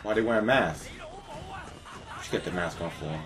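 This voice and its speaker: A laid-back man talks over a video game, loose and joking, swearing casually. His voice is very deep, with faint game music behind. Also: huge pitch swings, moderate pace. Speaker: gaming YouTuber. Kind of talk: let's-play commentary.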